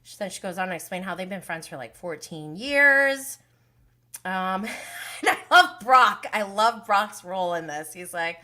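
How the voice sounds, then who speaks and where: A woman's voice: medium pitch, lively intonation, normal speed, bright, forceful tone. A young woman hosting a casual recap livestream, emotional and outspoken, swearing freely as she reacts. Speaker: reality TV recap host.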